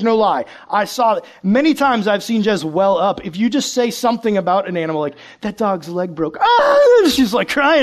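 A young man giving a casual, joking youth sermon, chatty with sudden loud bursts. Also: high-pitched. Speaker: youth pastor.

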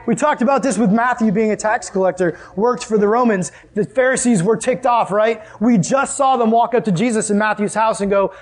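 A young man preaching a sermon as a youth pastor, animated, acting out scenes and asking the audience questions. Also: high voice, a little fast, few pauses. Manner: animated, acts out scenes with sudden exclamations and laughs.

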